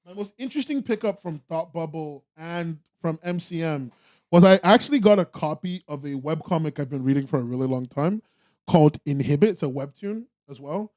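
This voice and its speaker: A young American man with a mellow, slightly high voice hosts a casual podcast. He rambles easily, trailing off and starting sentences over. His tone stays relaxed and unpolished. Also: brisk. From United States. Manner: rambling, laid-back, frequent fillers and restarts. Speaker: podcast host. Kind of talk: casual chat.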